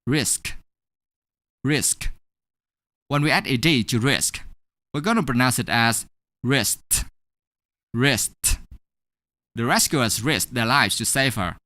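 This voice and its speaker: A woman teaching English pronunciation in a scripted online lesson, over-articulating each sound slowly and deliberately. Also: very deep voice, animated, pushed and bright, no room sound, clean studio sound.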